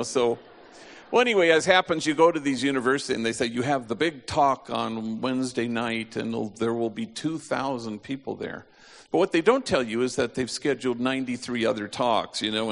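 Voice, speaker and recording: A man with a gravelly, fry-edged voice delivers a storytelling sermon from a hall where long reverb trails each phrase. He voices the people in his story himself and slows right down on the lines that matter. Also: mid-range voice. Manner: slows to a near hush on key phrases, acts out quoted voices. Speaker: preacher.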